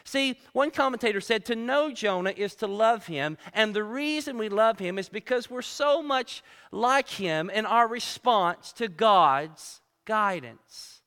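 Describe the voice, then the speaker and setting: A man's voice: sits high, lively intonation, a little slow, hardly any pauses, pushed and bright, smooth. A man delivering a sermon in a church, reading scripture and then preaching earnestly with emphatic repetitions. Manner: earnest preaching with rising emphasis and repeated words. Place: church sanctuary. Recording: reverberant hall.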